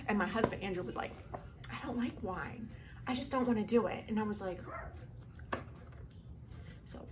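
Woman vlogger rambling excitedly at home, kinda high voice, faint hiss behind. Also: poor audio. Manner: chatty and excitable, gushing over each item. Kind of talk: casual product review vlog.

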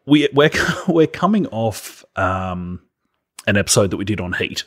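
A man's voice: fairly low pitch, unhurried, pauses often, a bit bright. A man co-hosting a podcast, chatting casually about a film with wry, sarcastic asides and frequent laughter. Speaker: podcast co-host. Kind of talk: casual film review chat.

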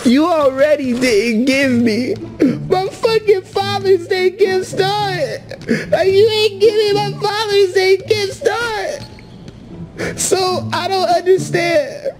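A man's voice: extremely high pitch, fairly even intonation, drawn-out words, gravelly, long pauses, over music, heavily acted. A man putting on a whiny, crying young male streamer who sobs and pleads. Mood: whiny sobbing. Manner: sobbing, whining, pleading.

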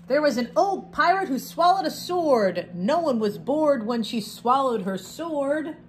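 A woman, a teacher reading a picture book aloud to her class, expressive, with chatty asides between the verses. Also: high voice, a little slow, hardly any pauses, a little hiss or hum.

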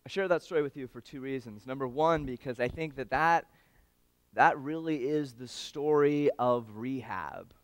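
A man giving a storytelling speech at an awards event, animated and swinging between loud and hushed moments, talking straight to the audience. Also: medium pitch, normal speed, no echo, clean studio sound. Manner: addresses the audience directly.

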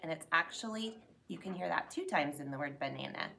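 A woman's voice: low-pitched, lively intonation, a little fast, gravelly, pushed and bright. A woman reading teacher giving an upbeat school announcement segment, drawing out letter sounds to demonstrate them.

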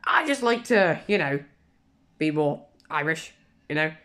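A woman's voice: sits low, expressive, unhurried, a bit bright, voice pushed down. A woman voicing a goofy male plush fox who rambles casually and sheepishly in a plush toy video.

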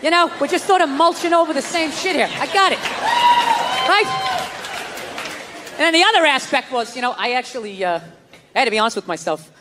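Exasperated male stand-up, high-pitched rant, loud live crowd. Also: lively intonation, a little fast, pauses often, in a large hall, background noise. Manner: profane, exasperated, shouting bursts. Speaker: stand-up comedian. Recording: live stage with loud audience.

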